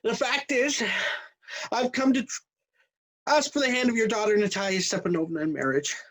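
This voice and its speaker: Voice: medium pitch, normal speed, a bit bright, close to an everyday voice, rough recording. A performer playing a flustered, hypochondriac male suitor in his thirties, stammering and hesitant. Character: nervous, hypochondriac 35-year-old male suitor. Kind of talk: stage acting.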